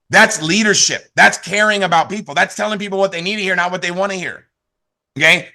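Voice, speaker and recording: Fast and high-voiced, a man runs an energetic motivational training over a video call for his team, packed with repetition and constant "right?" check-ins.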